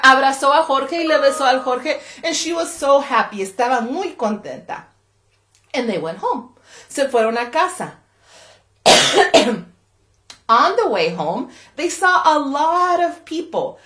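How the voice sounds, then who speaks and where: Woman, bilingual children's read-aloud, high voice, slow and sing-song, echoey room. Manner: animated, switches between English and Spanish line by line. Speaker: library storyteller.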